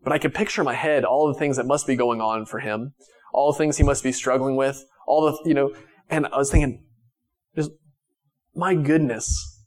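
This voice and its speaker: A man preaching a sermon to his church in a conversational way, with many restarts, swinging from raised emphatic lines to quiet, soft ones. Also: fairly high pitch. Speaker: pastor.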